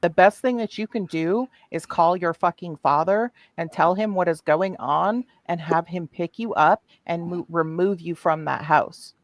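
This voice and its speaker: A woman's voice: lowish voice, unhurried, few pauses, dry recording, rough recording. A woman hosting a heated livestream callout, furious and heavily profane.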